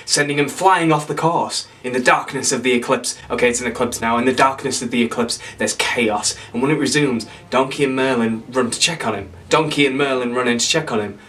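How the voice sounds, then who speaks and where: A man's voice: medium pitch, a bit bright, far from the mic. A man retelling an imagined sequel in a casual, comic way, rambling and correcting himself with playful asides. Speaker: storyteller pitching a sequel.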